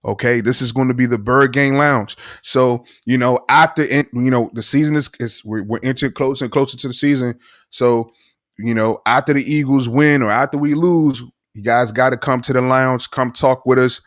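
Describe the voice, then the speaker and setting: A man co-hosting a casual sports talk stream, animated and enthusiastic. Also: medium pitch, moderate pace, no echo, studio quality. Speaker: podcast co-host.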